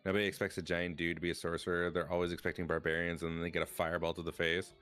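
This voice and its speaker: A man streaming and chatting casually, rambling with lots of fillers and sudden excited bursts. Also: low voice, very fast, clean tone.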